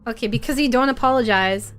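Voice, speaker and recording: A woman's voice: fairly high pitch, fast talker, fairly bright tone, clear, resonant tone. A woman streamer narrating an interactive horror story for her viewers as game master, in a playful, teasing way as she reads out chat comments.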